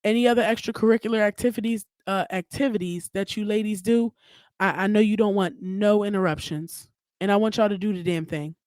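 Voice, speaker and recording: A woman's voice: medium pitch, fairly even intonation, a little fast, a little mellow, no echo. A young woman hosting her own podcast, talking alone in a candid, emphatic way and swearing freely. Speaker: podcast host. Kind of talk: solo podcast monologue.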